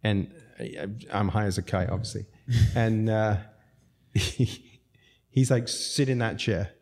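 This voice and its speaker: A middle-aged restaurateur telling stories on a podcast in a relaxed, mellow voice that sits on the low side. He rambles happily from one story to the next and breaks into laughter as he tells them. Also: takes it slowly. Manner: laughs through lively anecdotes. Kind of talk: casual storytelling.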